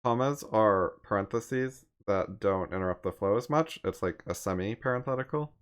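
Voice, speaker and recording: A man calmly explaining points about thinking and writing, like a tutor. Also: lowish voice, normal speed, smooth.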